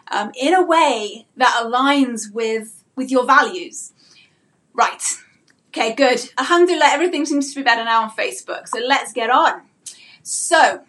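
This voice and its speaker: A woman's voice: high voice, a bit bright. A woman mentoring homeschooling parents in a live-streamed talk. She speaks earnestly and asks many rhetorical questions.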